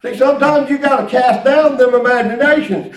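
Man, very high voice, animated sermon storytelling, distant mic, echoey church hall. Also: a little fast. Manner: animated, exclamatory, laughing storyteller. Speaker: pastor.

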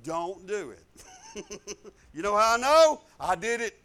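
A man, a pastor telling a testimony in a conversation, folksy and animated, chuckling as he goes. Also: sits high, measured pace.

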